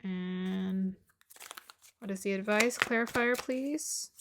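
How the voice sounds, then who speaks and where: A woman's voice: mid-range voice, slow, fairly bright tone. Woman, tarot reader, casual and chatty, laughs easily, faint background noise. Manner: chatty, musing aloud, laughs often, drops to murmurs. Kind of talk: casual tarot reading to viewers.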